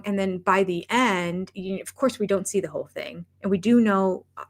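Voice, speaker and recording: This middle-aged woman speaks at medium pitch and a moderate pace while hosting a casual live-stream chat about reality TV. Candid and chatty, she keeps breaking off mid-sentence to laugh at herself.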